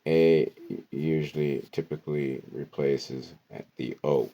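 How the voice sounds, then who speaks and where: A man teaching an esoteric word-decoding lesson, talking deliberately and often checking in with "okay" and "right". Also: a bass voice, steady tone, mellow, highs cut off.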